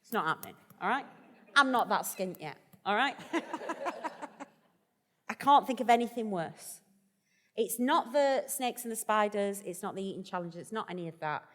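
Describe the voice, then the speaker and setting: A woman's voice: mid-range voice, lively intonation, brisk, fairly bright tone, in a large hall. A woman vicar as the guest in a live stage conversation, chatty, jokey and self-deprecating. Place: festival event hall.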